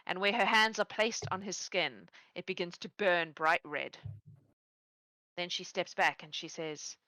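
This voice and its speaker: A woman narrating as game master of a tabletop game, telling the story in a relaxed, playful way. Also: on the low side, measured pace, no echo, rough recording.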